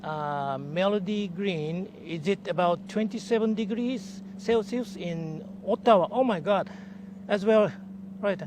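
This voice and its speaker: A man guiding a live-streamed walking tour outdoors by a lake. He speaks haltingly with many fillers, and sounds excited when greeting viewers. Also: high-pitched, noisy background. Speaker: live virtual tour guide.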